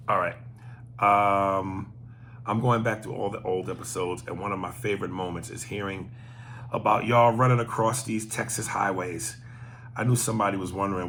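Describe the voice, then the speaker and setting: A man's voice: fairly low pitch, steady tone, normal speed, a bit bright, slight background noise. A man hosting a podcast, reading listener emails aloud with profane, joking commentary. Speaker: podcast host.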